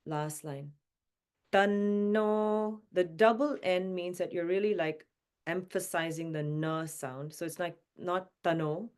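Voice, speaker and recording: A woman teaching mantra pronunciation and pitch notes, explaining patiently and then chanting each line slowly. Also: fairly even intonation, darkish tone.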